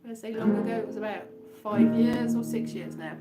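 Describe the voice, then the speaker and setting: A woman's voice: on the high side, steady tone, fairly quick, loud music behind the voice. A woman comic poet rambling through a self-mocking monologue full of wandering asides.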